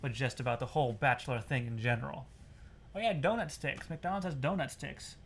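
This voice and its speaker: A man's voice: mid-range voice, a little fast, vocal fry, a little hiss or hum. A man co-hosting a casual watch-along, bantering and chuckling over a reality show. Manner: laid-back, chuckling banter.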